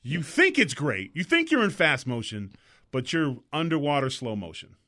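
A man co-hosting a talk show, telling rambling, animated anecdotes in casual chat. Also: fairly high pitch, moderate pace. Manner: slips into mock voices.

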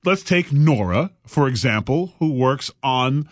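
Sarcastic guy hosting a comedy panel, riffs fast, dry close sound. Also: mid-range voice, expressive, no room sound. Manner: sarcastic, jumps into mock voices. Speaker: talk show host. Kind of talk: comic panel banter.

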